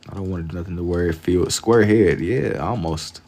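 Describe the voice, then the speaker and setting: A young man chats with his live-stream audience in a loose, slangy way. His voice sits fairly low. He often repeats a phrase two or three times while he gathers his thoughts. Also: fairly quick, a little mellow. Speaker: livestreamer drawing for chat. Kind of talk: casual live-stream chat.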